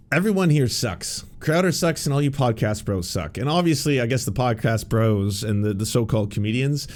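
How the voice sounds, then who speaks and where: Brief: male commentary host, mid-pitched, swears freely, sarcastic riffing. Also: lively intonation, moderate pace, darkish tone. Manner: sarcastic, profane, rambling. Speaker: podcast host. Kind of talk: political commentary.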